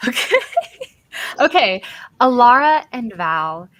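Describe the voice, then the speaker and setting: A woman serves as dungeon master, narrating a tabletop game in a casual, chatty way. Her voice is a little high, very animated, and a bit bright, with a slow pace and no room sound, and she uses plenty of fillers and "likes."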